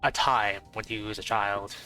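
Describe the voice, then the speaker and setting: A man with a nasal, bright, rather sharp voice chats casually to his stream audience. He rambles and thinks out loud, full of fillers and restarts. Faint music plays underneath. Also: fairly low pitch, steady tone, moderate pace, low-quality recording.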